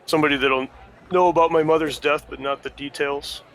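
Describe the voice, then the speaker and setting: A man's voice: on the high side, fairly even intonation, fairly quick, fairly bright tone, some chatter behind, low-quality recording. A young man playing a tabletop game, speaking hesitantly as he describes his character's contact. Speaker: player. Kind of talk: casual tabletop game chat.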